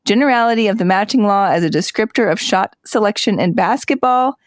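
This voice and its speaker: A woman co-hosting a podcast with an upbeat, playful delivery at a middle pitch. Her voice sounds dry and close to the mic. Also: a little fast, no room sound. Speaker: podcast co-host. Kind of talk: casual podcast chat.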